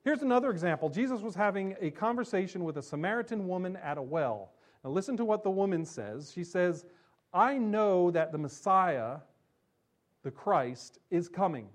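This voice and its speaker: A pastor preaching a sermon, emphatic, slowing down on key phrases and dropping low and soft when he quotes scripture. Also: expressive.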